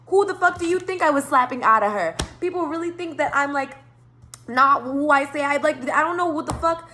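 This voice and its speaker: A woman's voice: high voice, a little fast, sharp tone. A woman hosting her tarot channel, telling a rambling storytime monologue with lots of swearing, laughter and asides.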